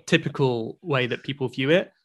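A man's voice: mid-range voice, normal speed. A man from Cornwall, a podcast host, speaking thoughtfully with some hesitations in a casual interview.

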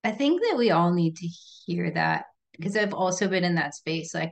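A woman yoga teacher and podcast guest, talking in an animated, reflective way and laughing easily in a casual conversation. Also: on the low side, normal speed, gravelly.

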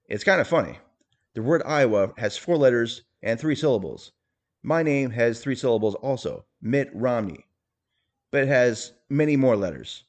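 A man's voice: mid-range voice, close to an everyday voice. A man playing an awkward, boastful rich politician in a comedic impression monologue, bragging in a stiff, folksy way with clumsy jokes.

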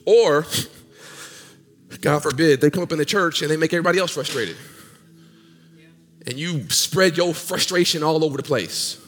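A male pastor preaching a sermon, swinging from loud sung peaks down to low murmurs in call-and-response style. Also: moderate pace, pauses often. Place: church sanctuary. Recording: long hall reverb with faint music.

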